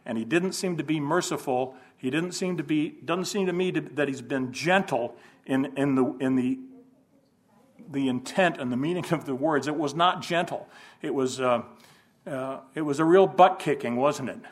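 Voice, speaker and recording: A man giving an informal Bible lesson, thinking aloud, asking rhetorical questions and adding folksy humor. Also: fairly high pitch. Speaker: Bible class teacher.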